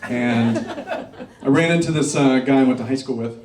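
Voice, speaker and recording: A man's voice: medium pitch, normal speed, background noise. Middle-aged man doing stand-up in a roomy club. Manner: crowd work, deadpan dark punchlines. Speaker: stand-up comedian. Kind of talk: stand-up comedy set. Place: comedy club stage before a laughing crowd. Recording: roomy club sound, mic picked up from a distance.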